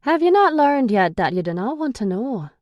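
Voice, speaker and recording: A woman's voice: on the high side, big pitch swings, moderate pace, no echo, lo-fi sound, pitched above the performer's own voice. A woman voicing a bossy, scolding young man. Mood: stern. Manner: stern, scolding, commanding. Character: bossy, hot-tempered supernatural young man.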